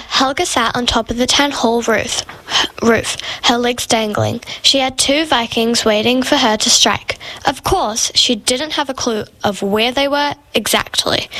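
A woman reading a story aloud, clear, with a few repeated words along the way. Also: fairly high pitch, fairly bright tone, poor audio. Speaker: story reader.

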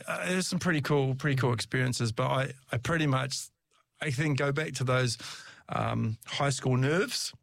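A middle-aged man who used to play rugby chats as an interview guest, his mid-range voice fairly bright with some vocal fry. He tells casual stories, laughing often and restarting his sentences.

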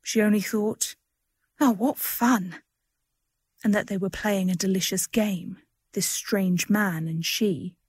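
A woman reads a story aloud in a gentle, expressive way. Her voice sits at a middle pitch. The recording is dry and close, with no room sound. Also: unhurried, husky, dry recording. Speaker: reader. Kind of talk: audiobook narration.

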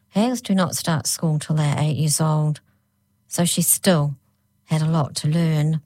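A woman narrating a children's storybook aloud, slowing right down on the spooky phrases. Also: deep voice, mellow, no echo. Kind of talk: storybook reading.

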